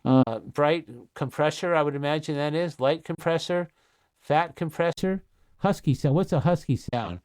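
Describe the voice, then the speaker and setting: A man's voice: a little high, normal speed, a little mellow, smooth, low-quality recording. A man giving a casual, jokey demo of audio gear as a reviewer, asking the listener questions as he goes. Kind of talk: product demo talk.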